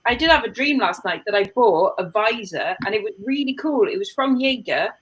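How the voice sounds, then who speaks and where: A woman's voice: mid-range voice, lively intonation, a little fast, husky, low-quality recording. A woman hosting a casual chat, rambling along with lots of likes and ums. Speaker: host.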